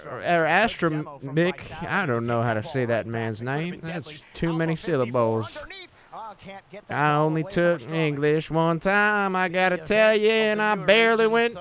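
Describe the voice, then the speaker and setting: A man's voice: sits high, unhurried, a bit bright. A male streamer putting on an exaggerated American Southern drawl to play a brash, folksy good ol' boy who teases and brags. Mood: mocking. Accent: put-on American Southern. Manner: folksy, teasing, boastful drawl. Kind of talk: joking watch-party commentary.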